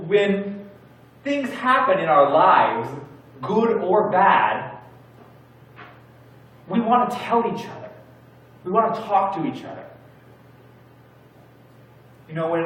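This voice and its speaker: Male preacher, chatty storytelling sermon, distant mic in a very reverberant church. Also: high voice. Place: church sanctuary. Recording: very echoey church hall from far off.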